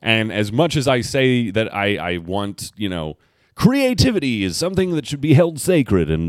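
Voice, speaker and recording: A man's voice: mid-range voice, big pitch swings, moderate pace, no echo, studio quality. A man hosting his own podcast, talking alone in sarcastic, rambling rants with some swearing. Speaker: podcast host. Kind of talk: casual solo commentary.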